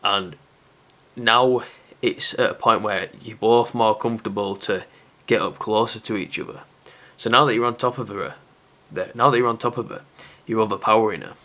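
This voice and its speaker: A man's voice: on the low side, moderate pace, bright, forceful tone. A young man talking casually to camera as a dating advice presenter, candid and self-aware.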